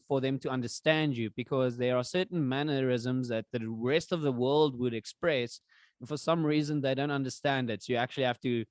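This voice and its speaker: A man hosting his own podcast, relaxed and jokey, with a lot of ums as he talks. His voice sits in an everyday middle range and is recorded dry and close. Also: medium pitch, no room sound. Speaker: podcast host. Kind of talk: casual chat.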